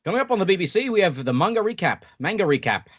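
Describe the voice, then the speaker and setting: A man's voice: high voice, very animated, racing, fairly bright tone, no echo. A man on a podcast, talking in a jokey, stiff, formal announcer manner. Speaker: podcast guest. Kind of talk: casual chat.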